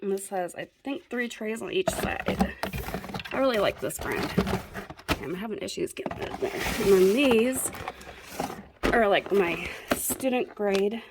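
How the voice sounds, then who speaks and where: A woman's voice: medium pitch, lively intonation, unhurried, heavy background noise. A young woman giving a rambling, self-deprecating tour of her craft room at home, chatting casually and laughing at herself. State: a bit out of breath. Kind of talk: casual chat.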